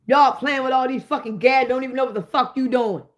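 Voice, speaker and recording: A woman hosting a comedic rant, profane and animated, talking straight to her listeners. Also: high-pitched, brisk. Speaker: host.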